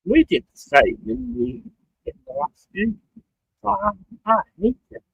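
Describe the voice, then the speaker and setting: A young man rambles and rants through a casual live stream, swearing freely and giggling easily. His voice sits fairly high and swings widely, with a gravelly, husky edge. He talks slowly and sounds dry and close. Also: big pitch swings, fairly bright tone, no room sound, highs cut off. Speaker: streamer watching a football match.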